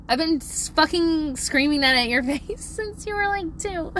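A middle-aged woman telling a parenting story in a casual, animated, profane way, laughing often. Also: sits high, normal speed, few pauses.

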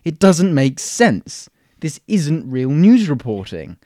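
A man's voice: fairly high pitch, big pitch swings, takes it slowly, mellow, dry recording, studio quality. A man co-hosting a podcast in casual chat, ranting sarcastically about the news. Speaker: podcast co-host.

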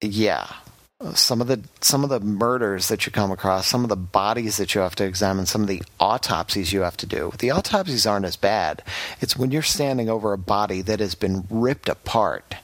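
A man's voice: lowish voice, brisk, no echo. A man hosting a podcast, giving a frank, rambling game review in casual chat, with many fillers and restarts. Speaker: podcast host reviewing games.

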